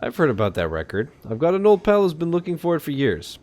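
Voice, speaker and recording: A man's voice: on the high side, wildly swooping pitch, fast talker, darkish tone, pitched above the performer's own voice. A man voicing a jovial middle-aged male biker who runs a record shop, speaking with a put-on French accent.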